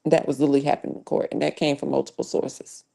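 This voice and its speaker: A woman's voice: very deep voice, level tone, fast talker, gravelly, dark tone. A woman hosting a live true crime commentary stream, talking bluntly with heavy cussing and slang. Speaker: livestream host.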